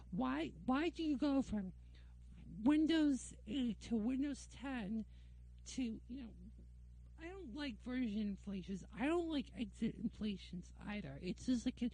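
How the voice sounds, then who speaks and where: A woman vlogger rants to her camera mic during a work break in a dim indoor room, with a casual, opinionated, sarcastic monologue. Her voice is a little high and warm, and there's no echo.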